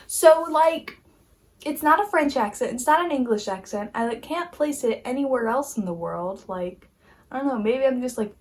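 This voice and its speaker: A woman giving a casual, animated opinion rant as a YouTube commentator, exasperated and full of "like" fillers. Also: mid-range voice. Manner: animated, exasperated, heavy use of "like".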